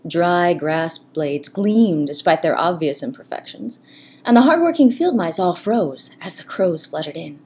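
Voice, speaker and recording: A woman narrating a comic story in an expressive, playful way. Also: fairly low pitch, unhurried, slight background noise.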